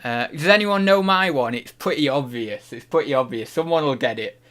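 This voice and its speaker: A man's voice: medium pitch, animated, normal speed, fairly bright tone. A man from the UK hosting a casual livestream, reading out chat questions and thinking aloud, often restarting and unsure of himself.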